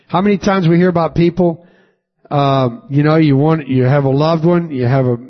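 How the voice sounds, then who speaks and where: A man's voice: fairly high pitch, normal speed, muffled recording. A man preaching a sermon, reading scripture aloud and quizzing the congregation with questions and rising emphasis. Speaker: pastor. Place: church sanctuary with congregation.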